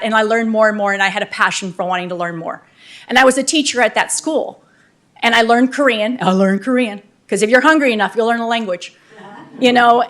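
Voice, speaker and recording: A woman who has just been elected to the city council gives an unscripted, energetic speech full of heartfelt thank-yous in a council chamber. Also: fairly high pitch.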